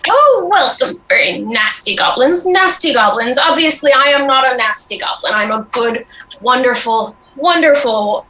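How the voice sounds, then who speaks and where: A woman's voice: high voice, expressive, normal speed, pushed and bright, rough recording. A woman voicing a charming, self-praising male goblin who gushes over new friends. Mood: smug.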